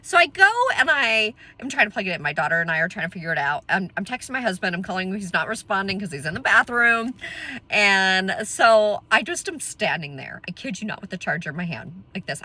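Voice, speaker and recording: A middle-aged woman tells a story with a lot of expression, her voice swinging up and down as she acts out the people in it. Her voice is bright and a little husky, and she laughs often along the way. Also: a little high. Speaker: vlogger telling a story. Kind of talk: animated storytelling.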